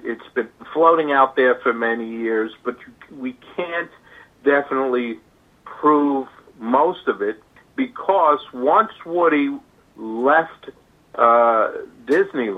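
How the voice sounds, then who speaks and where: A male author being interviewed, telling a history in a halting way with many fillers and restarts. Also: mid-range voice. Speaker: author guest. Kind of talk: interview storytelling. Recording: tinny phone line.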